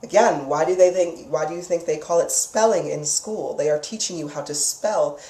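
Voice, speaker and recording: Warm-voiced woman teaching, echoey room. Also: low voice, normal speed. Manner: instructive, checks in with frequent "okay?"; emphatic, repeats key phrases. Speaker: energy healing teacher. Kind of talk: live spoken lesson. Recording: echoey room, mic far off.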